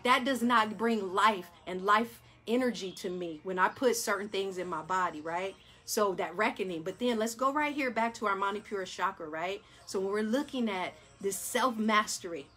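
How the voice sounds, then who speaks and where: Speaking at a medium pitch, a woman guides a chakra meditation in a chatty, animated way, addressing y'all and peppering listeners with questions and "right?". She gets excited, then eases into a slower, softer tone for breathing.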